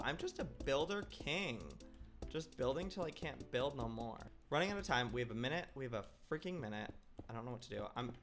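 An excitable young man narrates his game in the style of a let's-play, his voice leaping wildly up and down as he swings between fussing and mock-outraged shrieks. He talks to an unseen audience from a desk mic. Soft music plays faintly under him. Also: mid-range voice. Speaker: gaming YouTuber.

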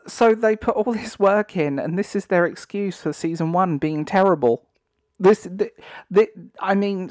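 A man's voice: sits high, unhurried, no room sound, clean studio sound. A man giving ranting online commentary, sarcastic and exasperated, breaking into disbelieving laughter.

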